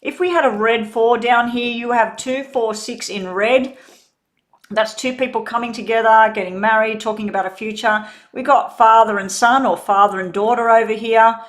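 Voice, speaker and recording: A woman's voice: on the high side, moderate pace. Woman giving a live tarot reading. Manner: relaxed, rambling, chats while eating. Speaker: tarot reader.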